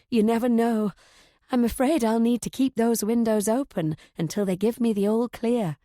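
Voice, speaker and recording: A woman's voice: medium pitch, dark tone, dry recording, clean studio sound. A woman reading a first-person thriller audiobook in a tense, confiding way. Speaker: audiobook narrator.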